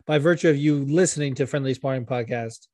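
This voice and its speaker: A man co-hosting a casual podcast, ranting excitedly and swearing freely. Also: mid-range voice, brisk, dry recording, studio quality. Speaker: podcast co-host. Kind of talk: casual chat.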